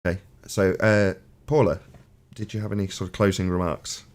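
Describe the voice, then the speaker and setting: A man's voice: sits low, level tone, normal speed, a little mellow. A man hosting a live online panel discussion, talking in an earnest, lecturing way. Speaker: host of a live panel show.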